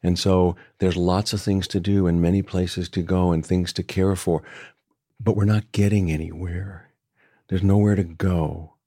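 A man with a deep voice speaks reflectively in a conversation, taking his time and circling back on his phrases. His tone is warm and mellow. He sounds close to the mic in a dry, dead space. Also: little pitch movement, breathy edge, no room sound. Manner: thoughtful, unhurried, with frequent restarts. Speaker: author guest.

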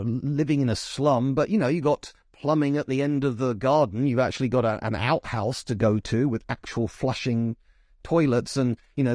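A man's voice: medium pitch, a little mellow, no echo, clean studio sound. A man from England giving a casual spoken film review, chatty and full of asides and restarts.

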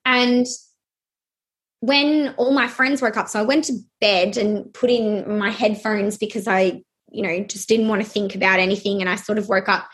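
A young adult woman telling a personal story in a halting way, with many fillers and restarts. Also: mid-range voice, steady tone, a bit bright.

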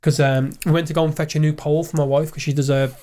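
A man's voice: a little high, little pitch movement, fast, mellow. A man co-hosting a podcast, teasing his co-host and swearing freely in casual chat.

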